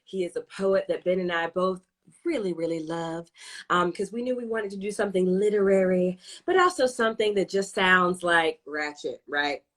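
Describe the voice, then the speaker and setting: A woman hosting a casual live stream, playfully hyping up and shouting out her viewers. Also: lowish voice, normal speed. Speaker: show host.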